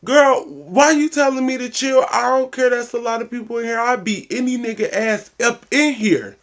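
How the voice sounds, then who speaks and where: A woman putting on a cocky young man spoiling for a fight, his voice lower than hers yet still high for a man, with a different timbre. He brags and threatens in a brash, boastful way. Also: normal speed, a little hiss or hum, lightly acted. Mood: defiant.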